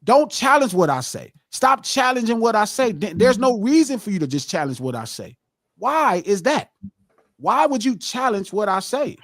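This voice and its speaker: A man's voice: high-pitched, sing-song, moderate pace, a bit bright, no room sound, studio quality. Fired-up man ranting on a live podcast. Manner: impassioned, profane, lecturing. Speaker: podcast host. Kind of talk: heated live podcast rant.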